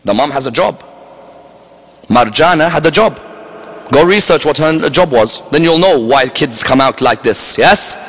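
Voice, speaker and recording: A man preaches in a bright, forceful voice that sits a little high for a man. He is emphatic and keeps tossing rhetorical questions at his listeners. The sound rings with the long reverb of a large hall. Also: lively intonation, unhurried. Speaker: religious lecturer. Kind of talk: Muharram majlis sermon. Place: large religious center hall. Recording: echoey hall.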